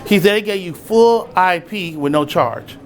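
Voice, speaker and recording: A middle-aged man from East Oakland telling a personal story in a casual, animated way, acting out the voices of people he quotes and chuckling often. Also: sits high, measured pace, crowd noise. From East Oakland, California. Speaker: storyteller and spirits brand founder.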